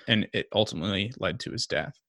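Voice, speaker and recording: A man's voice: on the low side, fast talker, bright, forceful tone, no room sound, clean studio sound. A young man co-hosting a casual podcast discussion, talking in a chatty way with lots of fillers and restarts. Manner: chatty, many likes and restarts, acts out quotes. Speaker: podcast co-host.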